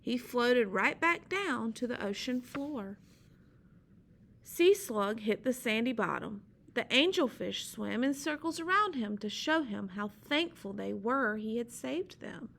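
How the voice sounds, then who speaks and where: Slow, animated woman reading a story. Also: fairly high pitch, creaky. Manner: gentle, explaining asides to listeners. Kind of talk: reading a children's story aloud.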